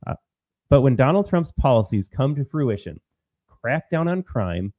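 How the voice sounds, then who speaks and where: A man's voice: mid-range voice, very animated, normal speed, dry recording, phone-quality sound. A man hosting an opinionated political commentary, talking emphatically to his viewers and repeating his points.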